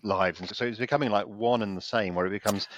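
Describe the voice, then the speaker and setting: A man's voice: fairly low pitch, fast, muffled recording, a little hiss or hum. A male interview host who talks over a video call and rambles while he searches for words. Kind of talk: conversational interview.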